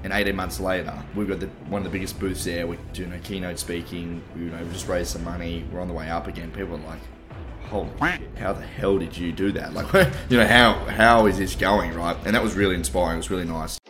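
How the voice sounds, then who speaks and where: Hungover Australian male co-host, lowish voice, loose and profane, laughs often. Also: steady tone, quick pace, few pauses, over music. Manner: swears freely and laughs often. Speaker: podcast co-host. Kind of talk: casual chat.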